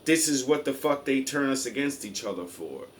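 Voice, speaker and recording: A man's voice: mid-range voice, big pitch swings, moderate pace, slight background noise. A man streaming and reacting to clips, telling stories in blunt, emphatic casual talk full of swearing. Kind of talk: casual profane commentary.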